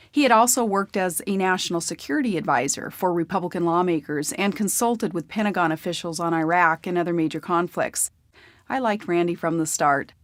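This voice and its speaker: A woman's voice: lowish voice, dry recording, clean studio sound. A woman narrating a memoir audiobook in a plain, conversational storytelling manner.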